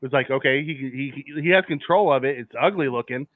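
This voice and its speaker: A man co-hosting a casual live football watch party, speaking in a relaxed, measured way with frequent stumbles and restarts. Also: mid-range voice, no echo. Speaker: co-host of a sports watch-party stream. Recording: tinny phone-like line.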